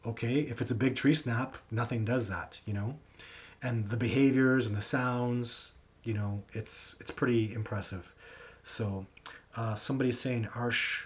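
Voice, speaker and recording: A man's voice: mid-range voice, a little slow. Rambling man on a lo-fi live stream. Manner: rambling, animated storyteller with restarts. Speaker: host answering viewer questions. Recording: dull lo-fi stream audio.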